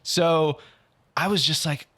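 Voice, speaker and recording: A young man co-hosting a podcast, telling a story in a casual, animated way and acting out what other people said. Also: a little high, takes it slowly. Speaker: podcast co-host. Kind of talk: casual chat.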